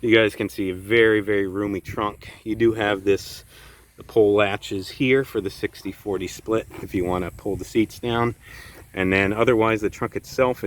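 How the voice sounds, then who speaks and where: A man giving a casual walkaround review of his own car, relaxed and enthusiastic, often doubling words. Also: fairly low pitch, a little hiss or hum, low-quality recording. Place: outdoors beside a parked car.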